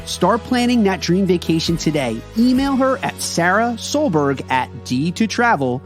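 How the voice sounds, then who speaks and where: A man's voice: high voice, big pitch swings, normal speed, faint music behind. A man reading a sponsor advertisement in an upbeat, salesy way. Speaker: ad reader. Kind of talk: read sponsor ad.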